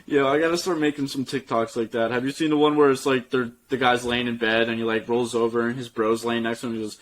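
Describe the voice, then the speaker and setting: A young man co-hosts a podcast in easy, casual chat. His voice sits at a middling pitch, and his talk is loose and full of bro slang. He laughs often. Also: flat delivery, fast talker, a little hiss or hum, rough recording. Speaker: podcast co-host.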